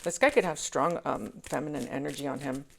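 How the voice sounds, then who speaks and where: A woman's voice: low voice, fairly quick, gravelly, slight background noise. A woman giving a casual spoken tarot reading, talking emphatically and repeating key phrases for weight. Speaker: tarot reader.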